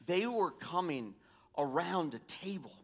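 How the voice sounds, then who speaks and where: A man's voice: fairly high pitch, lively intonation, unhurried. A man from the American South, a pastor preaching a sermon with prayer and scripture reading, folksy and conversational with asides to the congregation.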